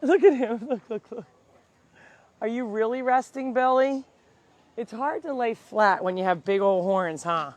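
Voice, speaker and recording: A woman's voice: a little high, unhurried. A woman who runs an animal sanctuary, chatting casually on a live tour outdoors and cooing at the animals. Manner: chatty, talks baby-talk to animals. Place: outdoors on a farm. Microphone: handheld mic.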